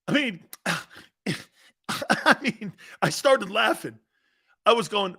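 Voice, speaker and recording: A man's voice: high-pitched, a little slow. A man hosting a sports talk show, ranting in a brash, mocking, opinionated way. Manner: brash, mocking, animated rants.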